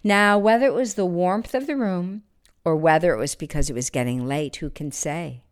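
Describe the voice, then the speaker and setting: A woman reading a Christmas story aloud, expressive, sometimes dropping to a near-whisper. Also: fairly low pitch, normal speed, clear, resonant tone.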